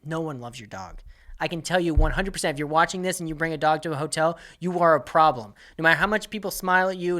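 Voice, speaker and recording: A man's voice: a little high, fast talker, pushed and bright. A man hosting his own comedy podcast, delivering an exasperated, profane rant as a monologue.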